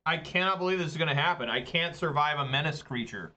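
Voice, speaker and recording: Man, card game commentator, bright voice, swearing, exasperated. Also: a little high, fast talker, few pauses. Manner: profane, exasperated ranting. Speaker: online card game player. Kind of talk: live gameplay commentary.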